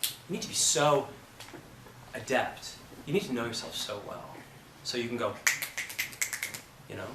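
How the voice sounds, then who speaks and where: A man teaching an acting class, talking casually and telling lively stories with the odd curse. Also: medium pitch, a little slow, long pauses, very noisy. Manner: chatty, animated storytelling with profanity. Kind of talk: classroom lecture with anecdotes. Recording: roomy classroom from a distance.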